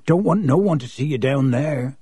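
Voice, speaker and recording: A man voicing a huge, gruff, bearded gamekeeper who growls his words. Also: mid-range voice, lively intonation, normal speed, warm tone, no echo, clean studio sound.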